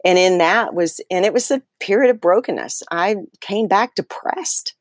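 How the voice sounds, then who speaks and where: A woman guest in an interview, retelling a personal story in an animated way, with many fillers and restarts. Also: mid-range voice, normal speed, dry recording, studio quality. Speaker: guest author.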